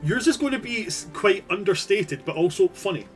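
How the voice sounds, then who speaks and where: A man's voice: high-pitched, lively intonation, normal speed, soft background music. A man narrating as game master in a loose, rambling way, with casual swearing.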